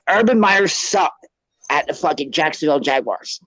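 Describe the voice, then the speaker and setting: Brief: excitable podcast co-host, higher-pitched, cursing through a tall tale. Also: male voice, normal speed, no room sound, poor audio. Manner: profane, boastful storytelling. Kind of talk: casual sports chat.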